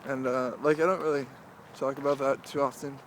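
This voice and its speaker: A young man talking casually to the camera as he walks outdoors through a cemetery, rambling and halting, with many "like"s and restarts. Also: medium pitch, level tone, a little hiss or hum. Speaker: vlogger. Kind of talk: casual walking vlog monologue.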